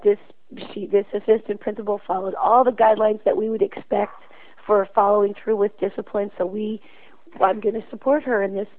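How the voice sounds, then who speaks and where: Woman telling a story over a tinny phone line. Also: medium pitch. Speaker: school principal calling in.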